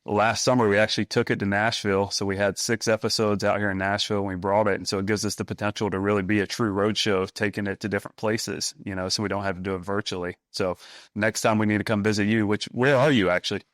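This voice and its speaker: Laid-back low-voiced podcast host. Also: male voice, level tone, quick pace, fairly bright tone, no echo, clean studio sound. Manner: laid-back, bro-ish banter. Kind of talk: casual podcast chat.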